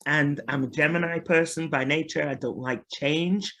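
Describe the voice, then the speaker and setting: This low-voiced woman from Liverpool, England talks at a normal speed with a fairly bright tone. A singer appearing as a guest, she tells her story in a candid, chatty interview, laughing frequently.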